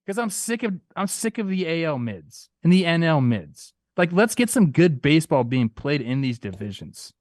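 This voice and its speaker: A young man co-hosting a casual sports talk show, animated and playful, acting out quotes in goofy voices. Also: fairly high pitch, normal speed, hardly any pauses, no room sound, clean studio sound. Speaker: podcast co-host.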